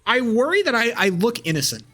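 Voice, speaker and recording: A man's voice: very high-pitched, big pitch swings, fairly quick, pushed and bright, faint music behind. A young man streaming live, rambling casually with crude language and lots of fillers and restarts.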